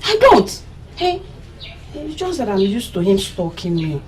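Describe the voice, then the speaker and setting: A woman's voice: mid-range voice, sing-song, measured pace, heavy background noise. An actress with a Nigerian accent playing a proud young village woman defensively denying her feelings in a Nollywood drama. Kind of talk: Nollywood film acting.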